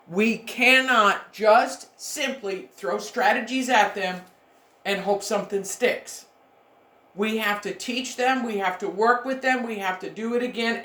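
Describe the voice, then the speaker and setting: A middle-aged woman records a lecture for her university students. She talks to them directly and emphatically, coming back to her key points, at a mid pitch. The room around her sounds echoey. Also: a bit bright. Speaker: university education instructor.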